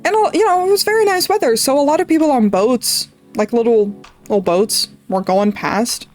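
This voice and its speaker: A woman's voice: fairly high pitch, normal speed, a little mellow, faint music behind. A young woman streamer from the Netherlands, casually rambling through a story while drawing, swearing freely. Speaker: art streamer.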